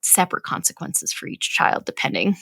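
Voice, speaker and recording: A woman's voice: a little fast, a bit bright, dry recording. A woman in her thirties, a podcast co-host and mother, explaining parenting ideas in an earnest, conversational way and often checking in with "right?". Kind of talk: casual parenting chat.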